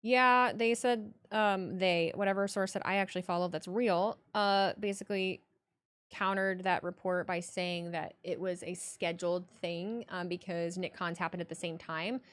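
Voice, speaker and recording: A woman's voice: fairly low pitch, moderate pace. Blunt, profane woman streamer. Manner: blunt, profane, animated ranting. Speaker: streamer reading chat. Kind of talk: casual live-stream chat.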